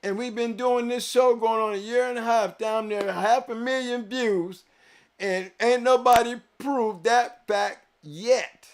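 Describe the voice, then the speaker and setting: High-pitched guy hosting his stream, preachy and emphatic, says stuff twice, gets loud then quiet. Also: steady tone, unhurried, clear, resonant tone. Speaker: show host. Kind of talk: live-stream chat to viewers.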